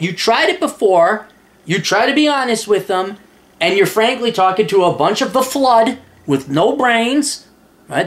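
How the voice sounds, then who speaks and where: A man hosting a casual advice show, blunt and profane, reading a listener's letter and answering it. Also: high-pitched. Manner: reads listener's letter aloud. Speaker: advice podcast host.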